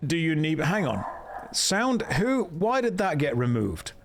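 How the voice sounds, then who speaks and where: A man's voice: on the high side, very animated, a little slow, slight background noise. Playful man streaming a game. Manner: playful, jokey, chats with viewers. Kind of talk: casual live game stream commentary. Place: home. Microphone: desk microphone.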